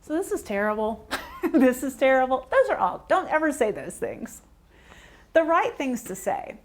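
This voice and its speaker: A woman's voice: high-pitched, big pitch swings, normal speed. A woman presenting a training workshop to a small group. She speaks conversationally, asks the audience direct questions and acts out everyday exchanges.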